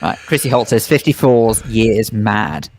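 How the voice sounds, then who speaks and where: A man's voice: on the low side, animated, measured pace, a crowd in the background. A man co-hosting a radio show in casual banter, wry and mock-indignant as he reads listener messages. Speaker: radio co-host. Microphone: studio microphone.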